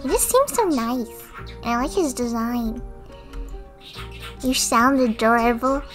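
A woman's voice: a little high, lively intonation, measured pace, soft background music. Chatty female game streamer. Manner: chatty, thanks viewers, reads game text aloud. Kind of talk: casual gameplay commentary.

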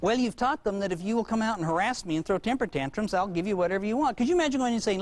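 A man lecturing parents in a humorous, animated way, acting out bits of dialogue between parent and child. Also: high-pitched, racing, no room sound.

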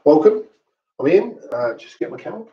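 A Londoner leads a relaxed online training session, chatting and joking with lots of fillers in a slightly high, sing-song voice at a fairly quick pace. The recording sounds dull and echoey, as if the mic sat far off in a reverberant room.

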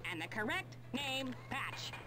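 A woman's voice: high-pitched, big pitch swings. An actress voicing a snooty, theatrical female bowling league captain in a cartoon adventure game. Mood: haughty. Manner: haughty, theatrical, drawn-out. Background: game music.

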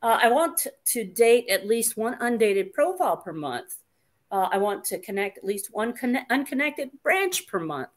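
Chatty woman host, a bit high. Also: very animated, normal speed. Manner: chatty, playful, reads comments aloud. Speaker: livestream host reading viewer comments. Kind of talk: casual chat.

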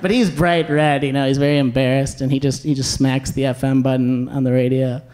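A young man performing a stand-up comedy set, with a dry, wry delivery and quick asides, recorded live with audience laughter behind him. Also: medium pitch, flat delivery, a little mellow.

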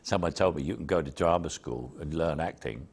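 A man's voice: very deep voice, fairly quick, darkish tone, breathy edge. An older man with a Cockney accent, an actor telling anecdotes about his career in an interview, self-deprecating and full of stories. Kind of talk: reminiscing interview.

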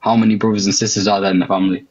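A man's voice: on the low side, flat delivery, rapid-fire, a little mellow, dull audio. A young British man on a live stream, teasing and setting riddles, then patiently explaining them. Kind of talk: casual chat.

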